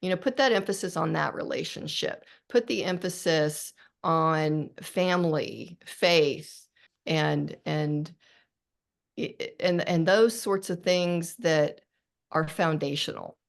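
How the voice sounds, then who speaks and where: A woman's voice: sits low, takes it slowly, creaky. A middle-aged woman, an author guest on a podcast interview, talking earnestly and reflectively with frequent restarts.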